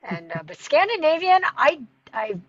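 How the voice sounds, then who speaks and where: Woman rambling on a video call, muffled dull audio, animated. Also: high voice, moderate pace. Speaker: table read participant. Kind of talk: casual video call chat.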